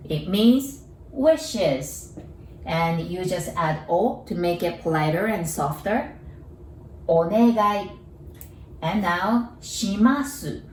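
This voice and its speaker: A Japanese-accented woman gives a cheerful, patient language lesson and slows right down to model each word. Her voice sits a little low. She sounds a bit distant from the mic, in a room with a noticeable echo. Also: animated, darkish tone, slight background noise. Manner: upbeat, slow careful pronunciation drills.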